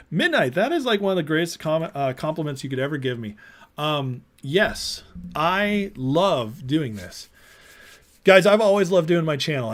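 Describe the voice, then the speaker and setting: A man hosting a political livestream, talking excitedly and reading out viewer chat, swinging from loud emphasis to quiet, emotional lines. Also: on the high side. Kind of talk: live-stream commentary reading chat.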